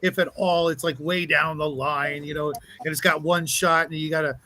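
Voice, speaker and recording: A man's voice: fairly high pitch, flat delivery, moderate pace, sharp tone. A man hosting a casual stream chat about tabletop games, eager and enthusiastic, often repeating words as he starts a thought. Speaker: stream host.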